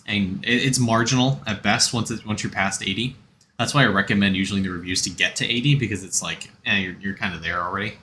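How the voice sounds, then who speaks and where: A man's voice: fairly low pitch, fast talker, pushed and bright, slight background noise. A man streaming a game, chatting casually and rambling as he answers chat and gives game tips.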